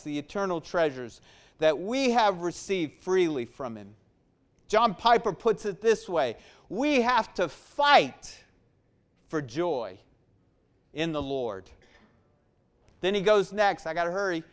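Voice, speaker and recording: A man preaching a sermon, emphatic and deliberate, swinging between loud stressed phrases and quiet soft-spoken stretches. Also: high-pitched, clean tone.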